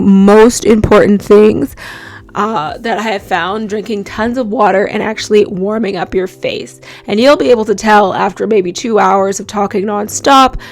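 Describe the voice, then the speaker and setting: A young woman giving voice and microphone tips in a casual, chatty vlog, talking in an animated way with lots of likes and you-knows. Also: medium pitch. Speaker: voice-over and radio host giving tips.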